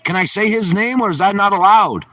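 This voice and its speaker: A man putting on a whiny, incredulous older male politician in a shrill, exaggerated voice. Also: animated, moderate pace, gravelly, bright, forceful tone, no echo, far from the mic, full character voice. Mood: mocking incredulous.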